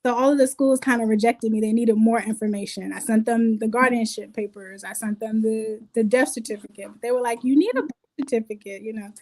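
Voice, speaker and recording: A young adult woman telling her life story in an interview, lively and acting out the people she quotes. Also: on the high side, a little fast, hardly any pauses. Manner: animated, acts out quotes with laughs. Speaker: guest. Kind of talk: conversational storytelling.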